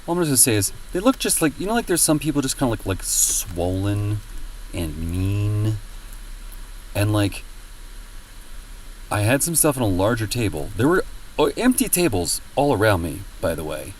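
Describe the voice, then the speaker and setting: A man's voice: fairly low pitch, big pitch swings, normal speed, recorded from a distance, slight background noise, low-quality recording. A man streaming and chatting casually with viewers, rambling with many fillers and a lot of swearing. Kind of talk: casual chat with viewers while gaming.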